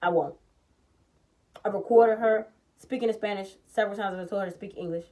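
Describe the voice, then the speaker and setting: Speaking in a relaxed vlog format, a young woman relates her own story in a worked-up, foul-mouthed, lively way, playing out the dialogue. She has a medium pitch and a brisk delivery.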